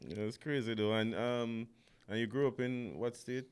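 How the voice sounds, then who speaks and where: A man's voice: medium pitch, fairly even intonation, normal speed, clear, resonant tone. A man hosting a casual chat, easygoing and encouraging his guest. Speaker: host.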